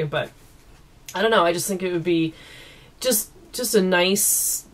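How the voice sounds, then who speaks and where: A woman's voice: on the low side, moderate pace. Chatty giggly woman vlogging at home. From East Coast Canada. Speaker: vlogger answering viewer questions. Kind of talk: casual Q&A chat. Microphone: camera mic.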